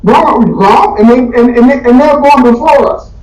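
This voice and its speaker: A man teaching a Bible class in a casual, animated way, throwing slangy rhetorical questions at his students. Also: very high-pitched, moderate pace. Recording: echoey, distant, dull room recording.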